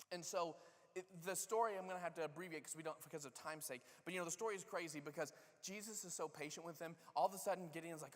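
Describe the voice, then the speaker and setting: A pastor telling a story in a sermon, acting out the characters' lines with lively, casual energy. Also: male voice, a little high, fast talker, long reverb tail. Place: church sanctuary.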